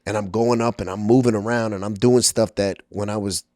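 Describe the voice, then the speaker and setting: A middle-aged man from Brooklyn speaks fairly quickly in a lowish, steady, darkish voice while guesting on a podcast. He relates his life story openly, full of ums and performed dialogue, and the studio-quality recording has no echo.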